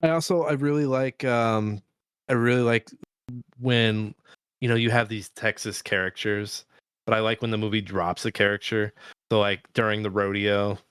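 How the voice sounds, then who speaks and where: Man with a smooth voice chatting on a podcast. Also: fairly low pitch, fairly even intonation, moderate pace, a bit bright, dry recording, clean studio sound. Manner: swears freely and laughs while talking; rambling, many restarts and fillers. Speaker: podcast co-host. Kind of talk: casual chat.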